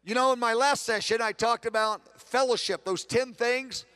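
A man with a high-pitched voice teaches a conference session on prayer. He is earnest, dropping to a hushed tone for prayers and rising to emphatic preaching. He often repeats and corrects himself mid-phrase. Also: normal speed, smooth. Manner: repeats words, self-corrects.

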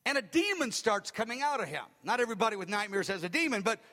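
A male pastor telling stories in a sermon, acting out the dialogue in an animated way. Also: high-pitched, fast talker. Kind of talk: sermon storytelling. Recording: long reverb of a large hall.

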